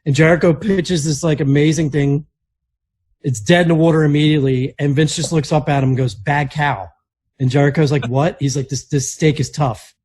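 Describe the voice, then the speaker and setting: A man co-hosting a casual podcast chat, telling stories in a rambling, animated way with many restarts. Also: fairly high pitch, a little fast. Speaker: podcast co-host.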